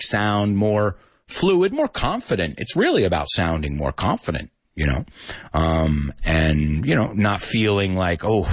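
Animated, husky-voiced male teacher. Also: on the low side, no echo, studio quality. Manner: animated, explains with demonstrations. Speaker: host and English teacher. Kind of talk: teaching podcast talk.

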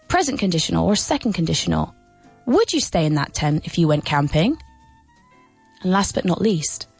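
A woman teaching English on the radio in a mid-pitched, close, dry voice. She is playful and laughs often, swinging her questions up and down in an exaggerated sing-song. Faint music sits under her. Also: dry recording. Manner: lively, playful, with many laughs. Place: radio studio.

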